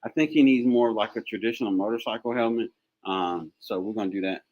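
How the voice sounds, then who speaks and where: A man hosting a motivational live stream in casual chat, animated and joking, laughing often. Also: on the low side, quick pace, dry recording, highs cut off.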